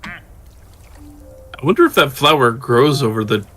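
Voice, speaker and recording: Man, casual gaming chat, dry teasing tone, ordinary mid pitch. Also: expressive, takes it slowly, sharp tone, soft background music. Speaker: guest playing a game.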